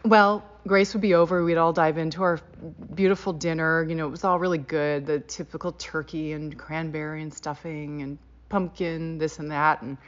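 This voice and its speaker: Lively woman telling a family story. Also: moderate pace, hardly any pauses. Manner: animated, laughing, rising in pitch on quoted lines. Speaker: guest sharing a holiday memory. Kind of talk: casual storytelling. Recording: dull lo-fi sound.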